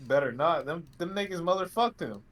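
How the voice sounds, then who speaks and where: A man's voice: on the high side, animated, fairly quick. Man ranting sarcastically on a podcast. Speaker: podcast co-host. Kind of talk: casual wrestling podcast chat.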